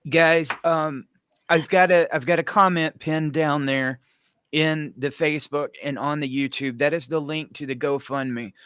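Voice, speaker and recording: A man's voice: a little high, fairly even intonation, a little slow, fairly bright tone, smooth, no room sound. A man hosting a live stream, speaking earnestly and directly to a guest and viewers. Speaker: host. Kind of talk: live stream talk show.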